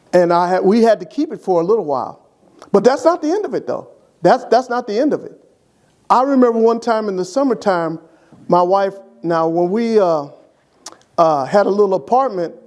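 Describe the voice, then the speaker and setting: An older man, a church deacon, telling humorous, affectionate stories about his late wife to an interviewer. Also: high voice. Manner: lively, animated anecdote telling to an interviewer. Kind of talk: humorous memorial storytelling.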